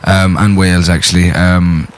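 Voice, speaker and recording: A man singer, a podcast guest, talking in a relaxed, meandering way with lots of fillers. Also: deep voice, clean tone. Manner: relaxed, drawn-out storytelling with fillers. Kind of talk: casual chat.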